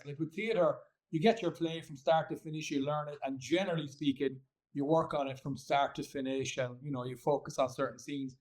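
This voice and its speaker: A man from Ireland with a softened Irish accent, chatting casually as an interview guest, rambling with fillers and restarts. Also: fairly high pitch, rough recording. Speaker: guest actor.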